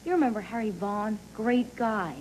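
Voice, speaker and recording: A woman's voice: mid-range voice, normal speed, background noise, close to an everyday voice. An actress playing a bitter, sarcastic young woman who mocks and confronts her father in a daytime soap. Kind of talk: 1990s daytime soap acting.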